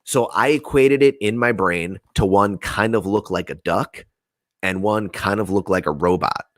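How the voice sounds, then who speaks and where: A young man from New Jersey, telling a story in casual podcast chat, animated and swearing freely as he acts out the voices of people in it. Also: fairly low pitch, normal speed, dry recording.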